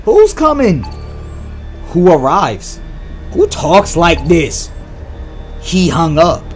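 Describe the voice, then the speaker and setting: A young man giving excitable, slang-heavy let's-play commentary on a horror game and reacting loudly to scares. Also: on the high side, extremely slow, soft background music. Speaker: gaming YouTuber.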